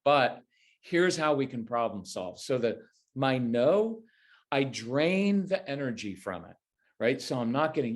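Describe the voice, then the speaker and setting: A man's voice: medium pitch, measured pace. A man speaking as a guest expert in an interview, explaining parenting advice in a conversational way and acting out what a parent might say. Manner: animated, acts out parent lines in quoted voices.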